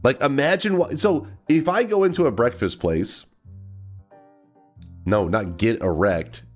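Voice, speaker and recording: A man's voice: mid-range voice, unhurried, faint music behind. A man from Texas, a game streamer with a stuffed-up nose, chatting casually on a livestream in a rambling, swearing way. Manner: rambling, swearing, laughing to himself.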